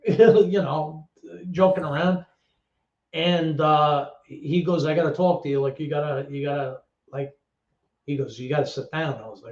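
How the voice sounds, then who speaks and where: A middle-aged man tells a candid story as an interview guest, blunt and swearing, with halting repetitions. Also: on the high side, darkish tone. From New York. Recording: roomy, dull lo-fi sound.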